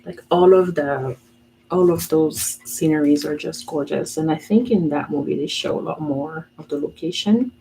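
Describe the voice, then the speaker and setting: A woman in her thirties with a low, gravelly voice talks herself through a sketch and chats as she works. Her tone is mellow and unhurried, with a faint hiss of background noise on the recording. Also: low-quality recording. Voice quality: relaxed, musing aloud. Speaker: art vlogger. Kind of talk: casual chat while drawing and painting.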